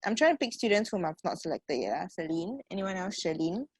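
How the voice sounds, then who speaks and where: A woman's voice: fairly low pitch, very animated, brisk, darkish tone, husky. A woman teacher with a Singaporean accent runs an online English lesson through her computer mic. She keeps checking in with her students and calls them sweetheart. The sound is dry and close, with no room echo. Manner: checks in constantly with "okay" and "right?".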